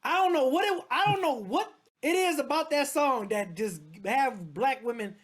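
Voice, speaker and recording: High, lively woman telling stories. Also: normal speed. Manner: storytelling, emphatic and profane. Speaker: guest. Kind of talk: casual chat.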